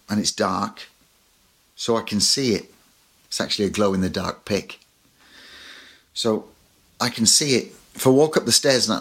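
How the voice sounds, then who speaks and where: Husky-voiced pastor preaching a sermon. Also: male voice, medium pitch, a bit bright. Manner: storytelling with personal anecdotes and humor.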